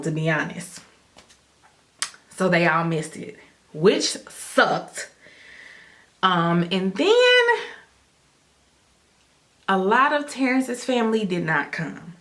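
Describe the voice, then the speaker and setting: Woman vlogger, casual storytime delivery, animated and direct to camera. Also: on the low side. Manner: animated, addresses viewers as y'all, acts out her own inner thoughts. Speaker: vlogger telling her wedding story.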